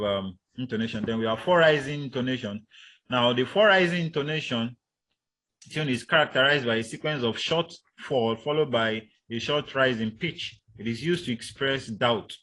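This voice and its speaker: Male lecturer, mid-pitched and unhurried, stops for fillers and demonstrates intonation patterns aloud. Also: fairly bright tone. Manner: halting, frequent fillers, acts out example intonations. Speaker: linguistics lecturer. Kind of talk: university lecture.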